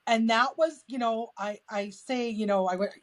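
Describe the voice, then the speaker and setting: A woman from the United States in casual podcast chat, talking in quick asides and restarts. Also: a little high. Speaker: podcast co-host.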